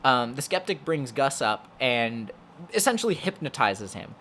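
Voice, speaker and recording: A man's voice: medium pitch, very animated, normal speed, pushed and bright, a little hiss or hum. A young man co-hosting a podcast, chatting casually about a horror movie in a rambling, filler-heavy way with plenty of swearing. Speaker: podcast co-host. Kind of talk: casual movie review chat.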